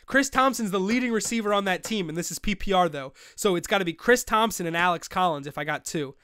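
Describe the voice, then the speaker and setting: Fast-talking in a high, clear and resonant voice, a young man hosts a live fantasy football show, recorded dry at studio quality. The streamed commentary is casual and excitable, peppered with swearing and frustrated rants.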